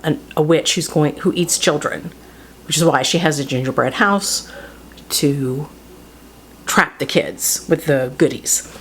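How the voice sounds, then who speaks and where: A woman talks through storybooks in a loose, chatty way. She laughs a lot and often breaks off mid-sentence. Her voice sits a little low, over a faint hiss of background noise. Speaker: host. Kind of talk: casual book talk. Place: home studio.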